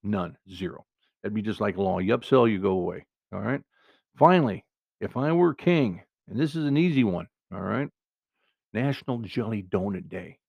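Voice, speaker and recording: A man's voice: fairly low pitch, lively intonation, normal speed, gravelly, dry recording, muffled recording. A man hosting a podcast, telling meandering comic stories in a folksy, self-interrupting way. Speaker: podcast host. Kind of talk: rambling comic storytelling monologue.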